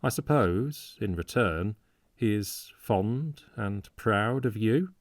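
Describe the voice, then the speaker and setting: A man reading a storybook part as an excitable young medical student who speaks with harsh, mocking sarcasm. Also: fairly low pitch, slow pace, dry recording, clean studio sound. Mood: intense.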